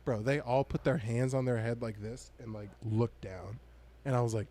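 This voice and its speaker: A man hosting a podcast, telling a story from his comedy set with a lot of energy. He swears freely and keeps breaking into the voices of the people he met. His voice sits at an ordinary middle pitch. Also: moderate pace. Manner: animated, acts out crowd voices, profane. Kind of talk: casual storytelling chat.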